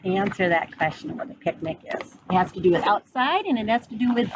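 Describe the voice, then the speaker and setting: A woman teacher reading a picture book aloud to children, pausing to ask them questions. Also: mid-range voice. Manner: slow, animated, asking children questions. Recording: dull, slightly noisy recording.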